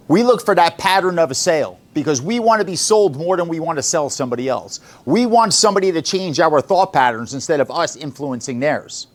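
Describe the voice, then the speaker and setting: A sales boss pumps up his team in the office. His voice sits a little high for a man. He talks bluntly, swears freely and keeps quizzing the room on what he means. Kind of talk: motivational talk to sales staff.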